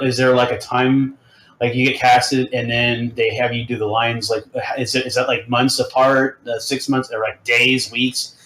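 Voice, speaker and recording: A man's voice: medium pitch, a bit bright. A man hosting a casual livestream chat, rambling through his questions with lots of repeated words. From US South. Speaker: host, game developer. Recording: roomy sound with music behind.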